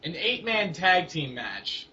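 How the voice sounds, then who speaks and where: A young man co-hosting a casual wrestling chat, rambling and halting, with lots of fillers and restarts. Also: sits high, sing-song, sharp tone. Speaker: co-host of a wrestling blog. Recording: dull lo-fi home recording with faint hiss.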